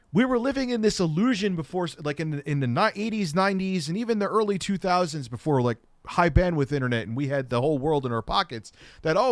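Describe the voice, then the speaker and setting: A middle-aged man hosting tech commentary, ranting sarcastically with a lot of swearing, swinging from muttering to shouting. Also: high-pitched, no room sound.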